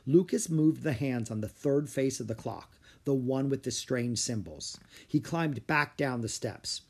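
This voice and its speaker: A man narrating a children's storybook with an expressive reading style. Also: medium pitch, measured pace, vocal fry, slightly rough. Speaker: audiobook narrator.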